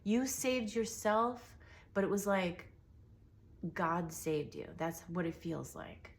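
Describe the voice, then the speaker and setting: A young woman giving an emotional, soothing intuitive reading straight to the listener, often dropping into soft whispers. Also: medium pitch, animated, takes it slowly. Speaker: tarot reader.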